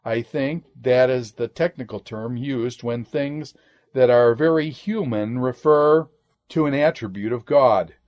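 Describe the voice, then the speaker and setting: A man teaching a Bible study lecture in a methodical way, marking each citation with "quote" and "end quote" and dropping his voice at each close. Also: a little mellow. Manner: drops pitch and volume on each "end quote".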